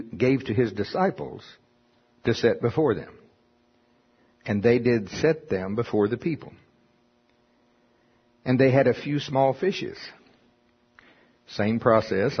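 Male preacher, husky voice, folksy scripture teaching with chuckling asides; slightly muffled recording. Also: mid-range voice. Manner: reads scripture aloud then explains it with chuckles and asides.

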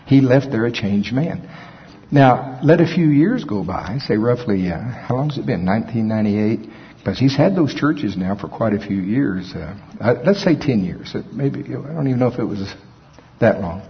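A male preacher tells folksy, animated stories in a sermon, his pitch rising and falling widely. The recording is slightly dull and carries a long reverb. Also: normal speed, gravelly. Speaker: pastor. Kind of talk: storytelling sermon.

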